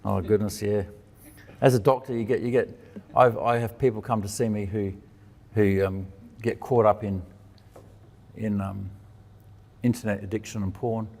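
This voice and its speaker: A man's voice: lowish voice, fairly even intonation, moderate pace, vocal fry, pauses often, darkish tone. A man giving a conversational sermon. He asks questions and answers them himself, and he acts out the quoted lines of dialogue with changes in his voice. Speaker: preacher and teacher. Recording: long reverb of a hall.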